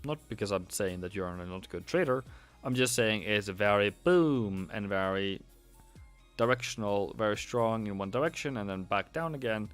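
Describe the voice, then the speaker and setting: A man's voice: lowish voice, animated, normal speed, faint music behind. A trading educator, a tired man, doing casual live chart commentary and chanting buy and sell calls. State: worn out.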